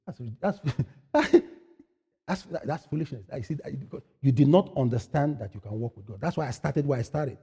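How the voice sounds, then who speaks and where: Swinging from loud, high-pitched preaching to hushed asides, a pastor asks his congregation questions during a sermon and then answers them. His delivery is animated at a moderate pace, his voice creaky with a breathy edge.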